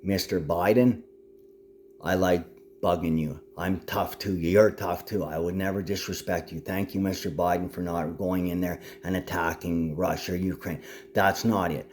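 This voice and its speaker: A man giving a rambling, declamatory monologue to camera, his loudness swinging up and down. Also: low-pitched, fairly even intonation, normal speed, a little hiss or hum. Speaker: self-styled address speaker.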